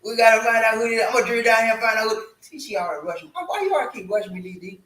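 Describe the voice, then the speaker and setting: A man's voice: extremely high pitch, very fast, sharp tone, roomy sound, poor audio. A man hosting a casual live stream, playful and talkative, hyping his viewers with slangy call-and-response chants. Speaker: livestream host. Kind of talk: casual livestream chat.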